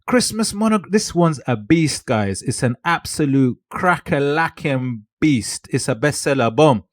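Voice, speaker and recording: Energetic male vlogger, salesy and punchy, mid-range voice, dry close sound. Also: medium pitch, measured pace, no echo. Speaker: online seller coach. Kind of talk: hyped-up product walkthrough.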